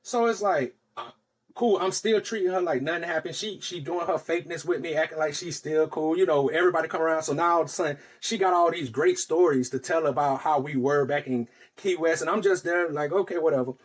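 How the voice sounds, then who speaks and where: A man's voice: a little high, fairly quick. A man on a podcast telling a long personal story in casual chat, acting out the voices of the people in it. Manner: animated, acts out quoted voices. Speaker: podcast host.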